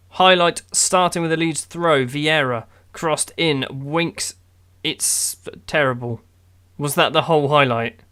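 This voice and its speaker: A man's voice: fairly high pitch, fairly bright tone. A man giving wry, exasperated play-by-play of his own football management game. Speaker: gaming YouTuber. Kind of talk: casual game commentary.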